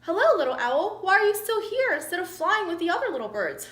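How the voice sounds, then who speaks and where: A woman voicing a wise, encouraging female turtle in a storybook reading, with a bright, coaxing manner. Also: very high-pitched, sing-song, fast talker, voice pushed up, full character voice.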